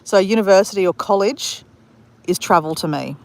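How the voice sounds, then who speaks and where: Walking a beach outdoors at dawn, an Australian woman chats on a live stream. She talks fast and rambles, restarting often, in a medium-pitched voice.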